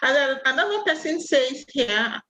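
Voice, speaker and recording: A woman's voice: high voice, animated, moderate pace, heavy background noise. A woman moderating a video call session, reading out audience comments and calling on people to ask questions.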